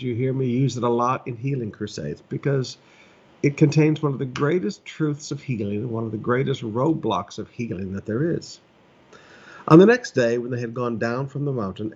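Gravelly-voiced earnest preacher man. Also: medium pitch, darkish tone, dull audio. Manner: earnest, conversational, emphatic repetitions. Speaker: pastor. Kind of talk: preaching a sermon from home.

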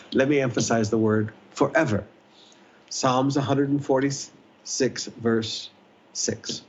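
A man preaching a sermon as pastor, repeating key phrases with emphasis and swinging his pitch up and down. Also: darkish tone, muffled recording, a little hiss or hum.

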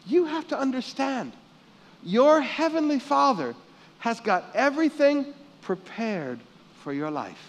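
A male pastor from the Philippines preaching a sermon, swinging from hushed lines to loud ones and calling on the congregation to answer back. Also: very high-pitched, sing-song, a little slow. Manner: calls out for congregation responses.

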